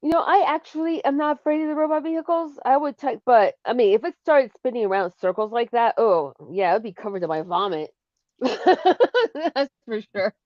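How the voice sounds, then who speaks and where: A woman co-hosting a live show, telling stories in a casual, animated way. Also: fairly high pitch, moderate pace, dry recording. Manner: animated, bursts into shrieks and laughter when acting out scares. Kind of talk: casual storytelling chat. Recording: dull lo-fi sound.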